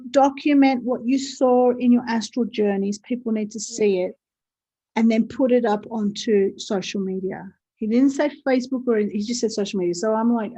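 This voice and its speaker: Lively woman telling a story over a lo-fi call. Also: on the high side. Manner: lively, reenacts others' speech in quotes. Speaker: guest. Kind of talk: animated storytelling in conversation. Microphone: video call.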